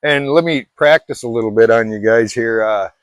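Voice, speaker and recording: A middle-aged man from Alaska talks casually to his viewers. His voice sits at an ordinary pitch and sounds dry and close, with little room around it. He rambles, pokes fun at himself and restarts his sentences often. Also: moderate pace, no room sound. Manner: rambling, self-deprecating, many restarts. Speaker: vlogger. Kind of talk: casual chat to camera.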